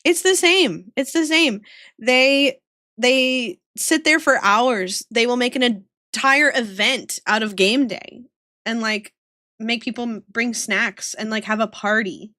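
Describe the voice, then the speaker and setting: A young woman chats with her livestream viewers while she draws, laughing often. Her voice sits a little high, with a faint Southern accent and a few New York vowels slipping through. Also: slow pace, bright, forceful tone, dry recording, studio quality. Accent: slight Southern US with some New York vowels. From American South. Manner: giggly, laughs often, chatty. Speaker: streamer drawing art live. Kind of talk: casual livestream chat with viewers.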